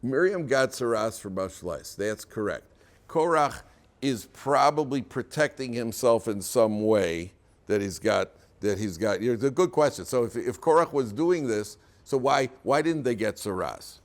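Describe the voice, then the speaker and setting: A man's voice: medium pitch, unhurried. A man, a rabbi, giving a Torah lecture to students in a classroom, telling the story vividly and acting out the characters. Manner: lively storytelling, acts out characters.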